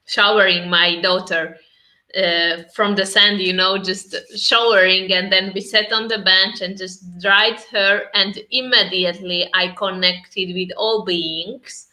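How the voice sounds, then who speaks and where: A woman's voice: medium pitch, fairly even intonation, a little slow, bright, forceful tone, low-quality recording. A woman whose first language is not English, speaking hesitantly with fillers in a casual spiritual conversation. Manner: non-native phrasing, hesitant with fillers. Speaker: guest.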